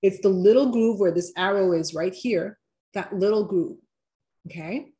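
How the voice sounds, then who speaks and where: A woman hosts a live online wellness workshop, guiding her viewers through relaxation exercises one step at a time. She talks in a chatty, encouraging way and slows down when she gives instructions. Her voice sits at an ordinary middle pitch. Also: warm tone.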